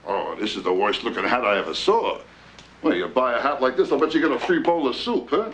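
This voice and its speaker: An actor playing a loud, brash, wisecracking rich man in a film comedy, firing off teasing jokes. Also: medium pitch, expressive, close to an everyday voice. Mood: joking. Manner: rapid-fire joking, teasing.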